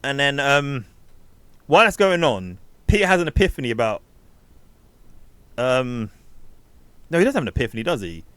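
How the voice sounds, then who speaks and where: A man's voice: mid-range voice, big pitch swings, a bit bright, clear, resonant tone, no room sound. Man rambling through a film recap. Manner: rambling, acts out characters' lines in quick asides. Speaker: film review podcast co-host. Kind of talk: casual chat recapping a film.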